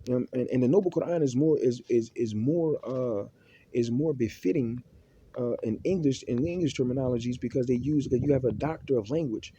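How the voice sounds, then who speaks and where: A man's voice: mid-range voice, fairly quick, dark tone, breathy edge, dull audio. A man speaking off the cuff about religion, stumbling through many restarts and repeated words and mixing in Arabic terms. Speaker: Muslim speaker giving religious advice. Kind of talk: unscripted religious monologue.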